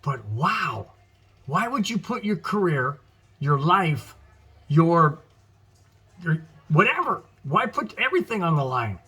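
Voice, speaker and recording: A man's voice: on the high side, very animated, slow, pauses often, bright, forceful tone, husky. A man hosting a casual sports news show, reading items and reacting with frequent exclamations and repeated words. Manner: chatty, exclaims wow often, repeats words.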